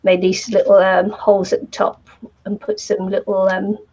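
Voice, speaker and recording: Gravelly craft host muttering along. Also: female voice, medium pitch, completely flat delivery, normal speed, darkish tone, lo-fi sound. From New Zealand. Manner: self-deprecating, muttering while working. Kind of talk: casual craft chat.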